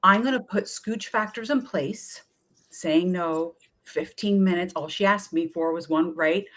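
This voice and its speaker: Energetic woman telling coaching stories. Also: fairly low pitch, measured pace. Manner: energetic, chatty, often acts out quoted voices. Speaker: wellness coach guest. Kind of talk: animated storytelling in a talk-show interview.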